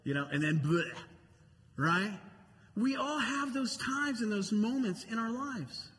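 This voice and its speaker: A man's voice: extremely high pitch, lively intonation, a little slow, a bit bright, slight background noise. Man, pastor, sermon, conversational preaching, repeats phrases for emphasis, long church-hall reverb, faint background ambience.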